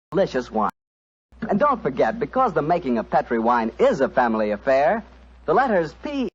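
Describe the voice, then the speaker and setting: Casting: male 1940s radio announcer, lively and husky, old lo-fi radio. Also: fairly high pitch. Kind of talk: 1940s radio sponsor pitch. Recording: dull lo-fi old radio recording.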